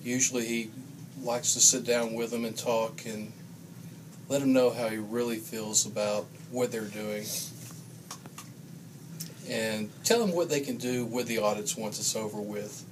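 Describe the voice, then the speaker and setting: A man delivering dry, deadpan roast jokes about a coworker. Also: mid-range voice, measured pace, pauses often, noisy background. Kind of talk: joking roast.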